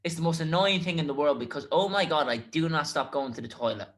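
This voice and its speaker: A man's voice: on the high side, quick pace. A young man co-hosting a podcast over a video call, talking casually and rambling cheerfully with frequent laughs. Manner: lively, rambling, laughs often. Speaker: podcast co-host. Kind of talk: casual chat. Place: remote, on a video call from abroad.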